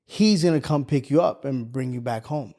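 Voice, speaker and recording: A man's voice: mid-range voice, normal speed, dark tone. A young man, a podcast co-host telling a story in casual chat, acting out the quotes and swearing freely.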